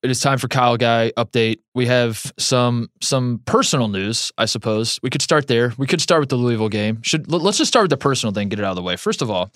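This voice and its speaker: A man co-hosting a sports podcast, chatting in a loose, joking way with plenty of fillers. His voice is mid-pitched and sits close and dry on the mic, with no room sound. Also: lively intonation, brisk, hardly any pauses, fairly bright tone, dry recording. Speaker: podcast co-host. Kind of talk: casual sports chat.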